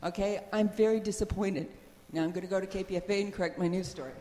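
A woman's voice: on the low side, steady tone, very fast, very noisy. A woman making an earnest, pointed public comment at a meeting, with flashes of frustration. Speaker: public commenter, radio news reporter. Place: meeting hall. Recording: long reverb of a meeting hall.

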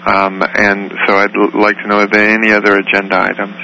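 Flat, creaky man chairing a meeting. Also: lowish voice, a little hiss or hum, low-quality recording. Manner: measured, procedural, reads out items. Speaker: committee chair. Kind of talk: chairing a phone conference meeting.

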